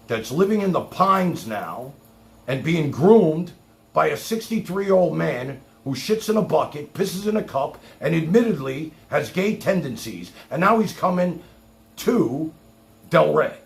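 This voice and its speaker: Gravelly, lively-voiced man ranting on stream. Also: on the high side, unhurried. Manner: mocking, heated, sarcastic. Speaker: livestream host. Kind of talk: ranting livestream commentary.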